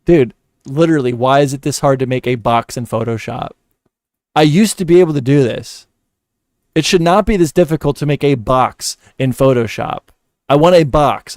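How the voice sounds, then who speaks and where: A man's voice: fairly high pitch, dry recording, studio quality. A man doing live commentary while editing, muttering, repeating words under his breath and cursing in frustration. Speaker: commentary streamer.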